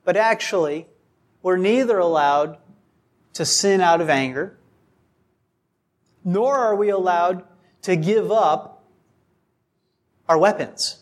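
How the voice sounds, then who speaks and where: Slow, high-voiced male preacher. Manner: deliberate, rhetorical questions, acts out scripture quotes. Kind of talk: sermon.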